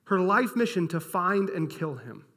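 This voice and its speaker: Male pastor, high bright voice, lively casual storyteller; hall reverb. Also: unhurried. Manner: energetic storytelling, casual and animated. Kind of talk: sermon.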